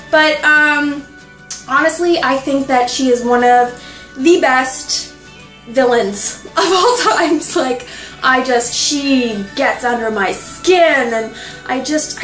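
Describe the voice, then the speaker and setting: Gushing high-voiced woman book vlogger. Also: a bit bright, roomy sound, low-quality recording. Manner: gushing, giggly, many fillers and restarts. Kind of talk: excited casual book review.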